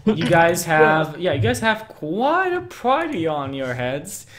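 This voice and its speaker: A man acting as game master, giving brisk rulings and quick explanations of the rules. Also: fairly high pitch, very animated, a bit bright. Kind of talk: running a tabletop game.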